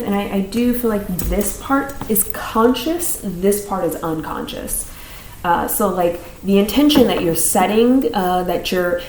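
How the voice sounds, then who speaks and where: A woman's voice: medium pitch, darkish tone, reverberant, low-quality recording. A woman giving a casual tarot reading to her viewers, rambling with many fillers and restarts. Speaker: tarot reader.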